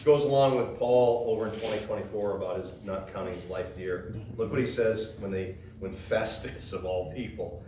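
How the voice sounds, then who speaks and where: A man preaching a sermon, telling a funny story with animated, joking delivery. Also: lowish voice, moderate pace, hardly any pauses. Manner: joking, animated storytelling, loud when excited. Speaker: pastor. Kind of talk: sermon with humorous anecdote. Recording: echoey church room from far off, background noise.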